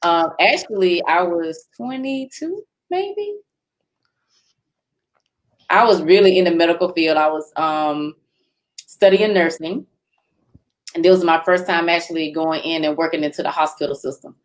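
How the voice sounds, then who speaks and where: An American woman hosts a relaxed talk and tells stories from her own life. Her voice sits a little low, and she brings it to life by acting out other people's lines and laughing often. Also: measured pace, long pauses. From United States. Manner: animated, laughs often, acts out quoted voices. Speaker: host reading viewer questions. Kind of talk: casual storytelling chat.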